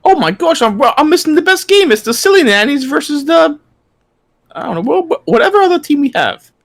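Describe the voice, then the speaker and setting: A man's voice: very animated, brisk, a bit bright, full character voice. A man putting on an exaggerated British accent as a silly, chirpy sports fan. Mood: mocking. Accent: put-on British. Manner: high sing-song parody voice.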